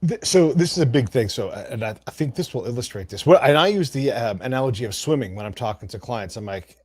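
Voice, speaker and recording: A man hosting a podcast, talking energetically with quick asides and restarts in a casual conversation. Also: mid-range voice, animated, darkish tone, slightly rough, no room sound. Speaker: podcast host.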